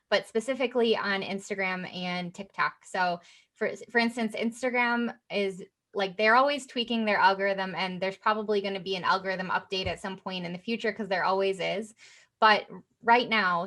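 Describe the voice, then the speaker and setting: A woman guest explaining her work in an interview, in a steady, patient way with frequent fillers. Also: medium pitch. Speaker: guest, personal brand specialist.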